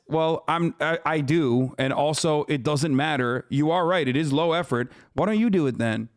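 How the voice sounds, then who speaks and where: Male streamer in his thirties, heated profane reaction rants, smooth resonant voice, dead-dry close mic. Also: on the high side, brisk, no echo. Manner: profane, combative, ranting at his chat. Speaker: live streamer. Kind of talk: live-stream reaction commentary.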